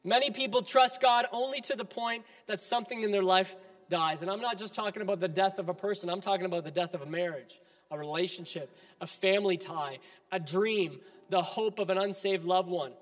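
A man's voice: sits high, brisk, fairly bright tone, in a large hall. A man preaching a sermon as pastor, emphatic and building with repeated appeals.

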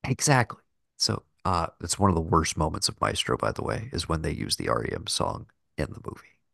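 Brief: male podcast co-host, loose and profane, a gravelly voice recorded dry and close. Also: very deep voice, sing-song, fairly quick, fairly bright tone, dry recording. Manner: rambling, profane, heavy filler "like". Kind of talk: casual film discussion.

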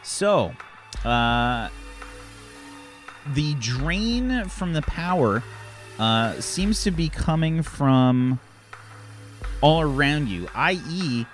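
A man narrating as game master of a sci-fi tabletop game, relaxed, with many fillers. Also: on the high side, drawn-out words, pauses often, soft background music.

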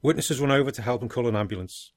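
A man co-hosting a casual podcast, steadily narrating a made-up dark movie ending. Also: mid-range voice, quick pace, dry recording. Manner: steady storytelling, dry laughs, short agreeing replies. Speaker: podcast co-host.

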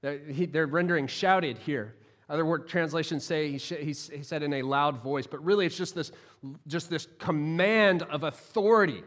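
A man's voice: a little high, normal speed, fairly bright tone. A man, a pastor, delivering a sermon in a conversational, playful way with frequent restarts.

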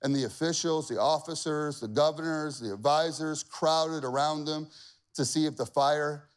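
A man preaching a sermon, reading scripture aloud with acted-out voices, jumping from loud emphatic lines to quiet asides. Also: on the high side, steady tone, moderate pace. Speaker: pastor.

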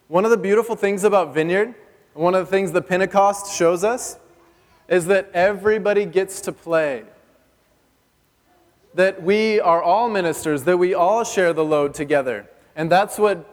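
A male pastor preaching a sermon in a church hall, chatty and joking, asking the congregation questions. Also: high voice. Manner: conversational and joking, asks the audience questions. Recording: long reverb of a church hall.

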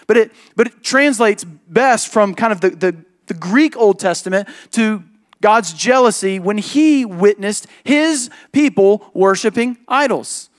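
In an animated, emphatic sermon, a pastor with a high-pitched voice recounts a personal story. Along the way he makes quick switches into other people's voices.

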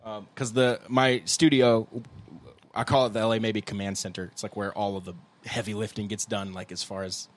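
A young man co-hosting a casual podcast, rambling in a laid-back way and breaking into loud goofy impressions. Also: fairly low pitch, level tone, moderate pace. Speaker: podcast co-host, guitarist. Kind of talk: casual chat.

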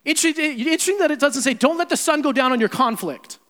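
A young adult man preaching a sermon as pastor, animated, swinging between loud emphasis and quiet asides. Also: very high-pitched, fast. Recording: long hall reverb.

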